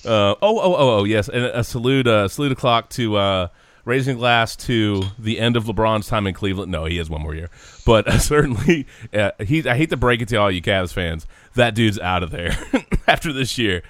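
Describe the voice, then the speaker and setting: A man's voice: fairly low pitch, animated, normal speed, fairly bright tone, dry recording. Laid-back man hosting sports chat. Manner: laughs often, says dude and man. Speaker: sports podcast host.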